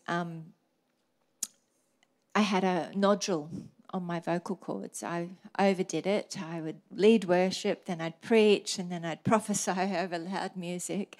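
A middle-aged woman pastor preaching a sermon, telling stories in a lively, varied way. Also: mid-range voice.

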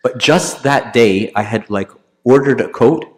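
A man, a priest, telling a story in a sermon, conversational, with many fillers and restarts, acting out the people he quotes in louder, higher voices. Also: measured pace.

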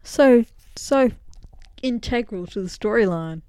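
A woman's voice: fairly high pitch, expressive, a little slow, dark tone, no echo. A woman guest on a podcast, chatting casually and cutting in with sarcastic, blunt remarks. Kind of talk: casual chat.

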